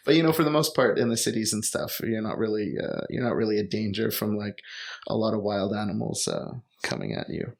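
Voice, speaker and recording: A young Canadian man telling travel stories in relaxed, rambling conversation, full of fillers. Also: on the low side, a little fast, creaky. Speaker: guest. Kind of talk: casual storytelling conversation.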